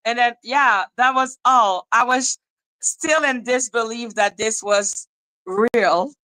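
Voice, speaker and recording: A woman hosting a podcast, telling a story in casual chat, excitable and animated, swearing and laughing as she retells it. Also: fairly high pitch, slow, poor audio. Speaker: podcast host.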